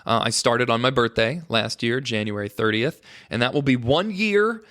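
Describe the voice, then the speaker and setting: A man's voice: mid-range voice, animated, moderate pace, a bit bright. Rambling, jokey male podcast host. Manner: rambling, jokey, mock-dramatic asides to "folks". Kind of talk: casual solo podcast monologue.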